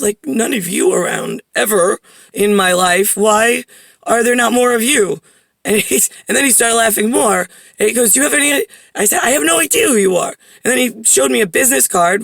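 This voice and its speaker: A woman's voice: medium pitch, vocal fry, fairly bright tone, no room sound. A woman telling a long personal story in a rambling way, full of "like" fillers and blunt swearing. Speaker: vlogger.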